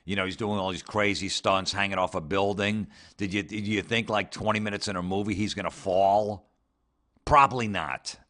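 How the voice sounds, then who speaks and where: Low-voiced man in a profane sarcastic rant. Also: fairly even intonation, moderate pace, a bit bright. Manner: sarcastic, mocking, swears heavily, mimics people in put-on voices. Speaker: comedy podcast host. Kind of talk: profane ranting comedy commentary.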